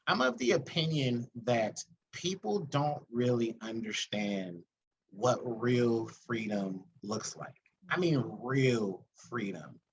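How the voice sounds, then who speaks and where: A podcast host with a medium-pitched voice chats casually, earnestly telling a story and acting out the people in it with animated retellings. The recording is muffled, with slight background noise.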